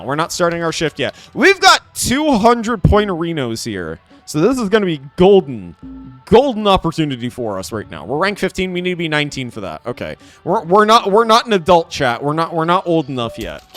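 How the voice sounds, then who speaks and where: A young man streaming a game live, chatting to his viewers in an excitable, playful way. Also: on the high side, moderate pace, faint music behind. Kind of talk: live game commentary with chat.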